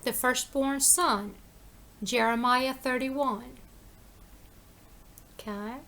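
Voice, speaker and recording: Woman preaching an informal sermon in a high, gravelly voice. She talks in an emphatic, conversational way, posing questions and answering them herself, and repeats her phrases for weight. Her delivery is slow and deliberate, with a bright edge. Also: steady tone.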